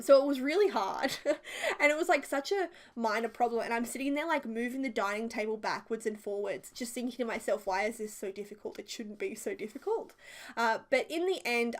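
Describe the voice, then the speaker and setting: A chatty young-sounding woman talks through a casual voiceover. Her voice sits a little high, and her speech is loose and rambling, with plenty of "like" and "um.". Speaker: video creator. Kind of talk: casual voiceover for a building video.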